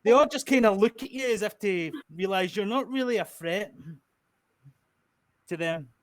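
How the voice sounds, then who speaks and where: A man's voice: high voice, animated, moderate pace, no room sound. A man running a tabletop game as game master, in an easygoing, laid-back way.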